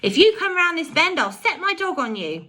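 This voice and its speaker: A woman reading aloud and voicing a fearless, tomboyish girl who gives orders briskly and fiercely. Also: on the high side, huge pitch swings, bright, forceful tone, slightly rough, pitched above the performer's own voice, heavily acted. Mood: defiant.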